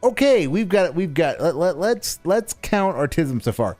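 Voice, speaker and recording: A man's voice: a little high, big pitch swings, unhurried, darkish tone, no room sound, faint music behind. Sarcastic man riffing on stream. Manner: sarcastic, mocking, rambling with restarts and swearing. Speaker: stream host and co-commentator. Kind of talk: casual stream commentary.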